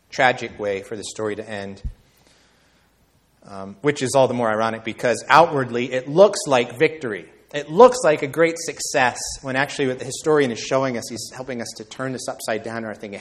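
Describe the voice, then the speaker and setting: A man preaching an evening sermon, rising high and loud on key points and slowing words down for weight.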